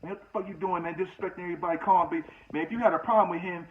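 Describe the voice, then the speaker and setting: A man's voice: sits high, fairly even intonation, fairly quick, slight background noise, lightly acted. A man voicing a stern, respected older male inmate who lectures firmly, on tinny phone-like audio. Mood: stern, scolding. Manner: firm, lecturing.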